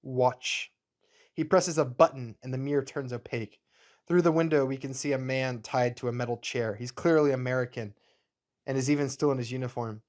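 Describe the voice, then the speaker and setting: A man's voice: mid-range voice, fairly even intonation, fairly quick, darkish tone. A man hosting his channel, reading his own screenplay aloud in a plain, matter-of-fact way. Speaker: channel host.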